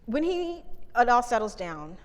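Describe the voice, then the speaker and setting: A woman communication coach telling lively stories from a stage, talking to the audience and asking them questions. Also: fairly high pitch, unhurried. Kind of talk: live keynote storytelling. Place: stage before a live audience. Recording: reverberant hall, live talk.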